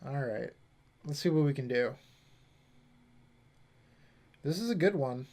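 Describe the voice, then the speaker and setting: A young man at a mid-range pitch talks through his moves as he streams a card game. He thinks aloud in an easy, offhand way, breaking off to chat with his viewers. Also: expressive, fairly quick, darkish tone. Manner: thinking aloud, chatting with viewers between plays. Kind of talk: casual gameplay commentary.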